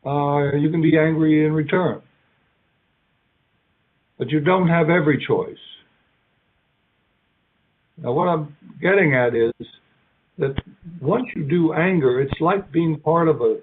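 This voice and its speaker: Husky-voiced man lecturing, tinny sound. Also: a little high. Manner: conversational, halting, acts out little quoted lines. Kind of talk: academic keynote lecture. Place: lecture hall.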